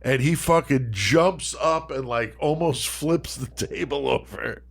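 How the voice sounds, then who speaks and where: A man's voice: mid-range voice, measured pace, vocal fry, breathy edge. Man telling a profane story. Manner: profane, laughing, acts out quotes. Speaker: podcast co-host. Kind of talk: casual storytelling.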